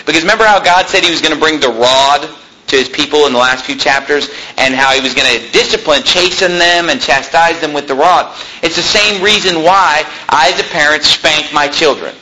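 Male preacher, higher and bright in tone, emphatic sermon delivery with frequent asides to the congregation. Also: a little hiss or hum, rough recording. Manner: emphatic, checks in with listeners; reads scripture aloud.

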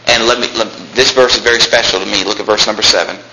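A man's voice: fairly even intonation, background noise. Man preaching in an echoey room. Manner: preaching with loud high-pitched bursts and drawn-out lines. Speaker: pastor. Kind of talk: sermon. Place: church.

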